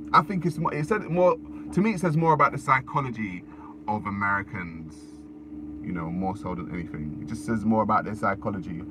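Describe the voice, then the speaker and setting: A man talks into his phone on a live stream, his pitch swinging up and down as he gets worked up. He swears freely and circles back over the same words. Road noise and passing vehicles sit clearly behind him. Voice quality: animated, profane, repetitive. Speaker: livestreamer. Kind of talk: casual live-stream rant.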